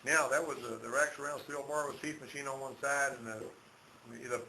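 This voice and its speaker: A man teaches a classroom lecture on car parts in an auto shop. He quizzes his students and makes them repeat terms after him. His voice sits at an ordinary pitch, and it comes from a far camera into a boomy room with heavy noise behind it. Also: fairly even intonation, brisk, gravelly. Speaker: automotive instructor. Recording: echoey shop with loud background noise.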